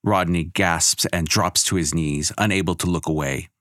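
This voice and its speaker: A man with a very low voice narrates a fantasy story in a wry, measured way. The sound is dry and close to the mic. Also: fairly even intonation, fairly bright tone, no room sound.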